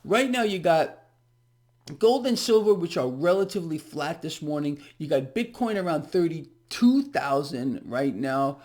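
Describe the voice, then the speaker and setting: A man's voice: on the high side, lively intonation, a little slow, darkish tone. A man giving a casual market commentary to viewers, ranting in a sarcastic, profane way and laughing in exasperation.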